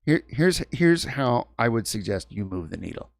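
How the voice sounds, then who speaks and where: A man in his fifties rants through a casual livestream chat, swearing freely and tripping over his own restarts. His voice has a gravelly edge at a middle pitch, recorded dry and close. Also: sing-song, moderate pace, no room sound. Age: 50s. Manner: swearing, ranting, stumbling restarts. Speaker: livestream host. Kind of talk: heated casual stream chat. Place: home in New York.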